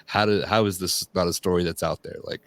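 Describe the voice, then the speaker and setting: A man's voice: deep voice, fairly even intonation, brisk, fairly bright tone. A man hosting a podcast interview in casual chat, loose and full of "like" fillers. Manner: loose, filler-heavy, frequent "like". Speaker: podcast host.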